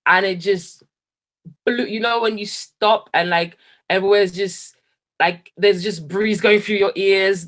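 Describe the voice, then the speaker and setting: A young man from Jamaica speaks as an interview guest, sharing a candid personal story. He talks in a lively, animated way, laughing often, and his voice climbs higher and louder as he gets excited. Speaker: guest, musician.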